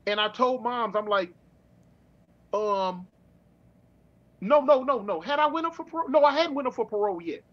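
A middle-aged man from California telling his story in casual street slang, with halting restarts, over a dull remote call. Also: very high-pitched, lively intonation. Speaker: guest.

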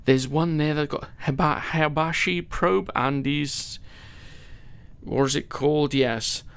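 A man's voice: on the high side, takes it slowly, a little hiss or hum. A man giving casual, chatty gameplay commentary, laughing often as he reads viewer comments. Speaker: gaming channel host.

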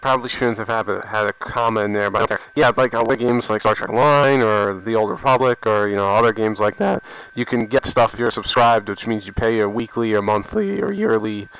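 With a fairly low, smooth, fairly bright voice, this man chats a little fast and with few pauses. He's getting sick, vlogging about gaming and reading viewer comments in a rambling, offhand manner with frequent restarts, all captured through dull lo-fi headset audio.

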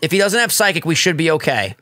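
Excitable young man, bright dry voice. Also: on the high side, fast, no room sound, faint music behind. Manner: excitable, teasing, swears. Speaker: let's play co-host. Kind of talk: casual gaming banter.

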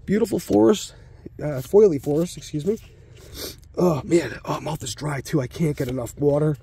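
A slightly rough, dark-toned voice on the high side, moderate in pace, belongs to a sick man opening card packs in a home basement room. He pants as he goes, his casual commentary rambling and crude, often muttered under his breath.

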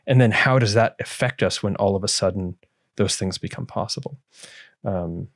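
A man's voice: on the low side, darkish tone, no room sound, studio quality. A man hosting a podcast, asking long rambling questions full of fillers. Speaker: podcast host. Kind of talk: conversational interview.

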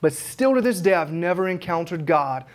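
A man's voice: on the high side, expressive, moderate pace. A man, an evangelist teaching at a conference, telling his stories with fervor. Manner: fervent storytelling, acts out his own prayers.

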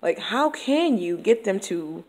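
A woman's voice: medium pitch, big pitch swings, measured pace, darkish tone. A woman teacher venting in a candid vlog, exasperated and blunt, laughing often and cursing.

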